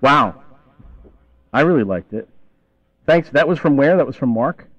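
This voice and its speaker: A man's voice: mid-range voice, expressive, fairly bright tone, dry recording. A man from Long Island hosting a call-in radio show, teasing and irreverent with his callers. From Long Island, New York. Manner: teasing, irreverent, fast-talking. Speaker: radio host. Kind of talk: late-night call-in radio banter. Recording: dull lo-fi 1990s radio broadcast.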